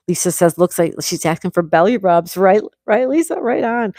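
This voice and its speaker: A woman from the United States chats through a casual live stream, reading viewer comments aloud and answering them. Her pitch sits in the middle, and her upbeat voice comes through close and dry, with no room echo. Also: sing-song, moderate pace, few pauses, dark tone. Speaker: livestream host.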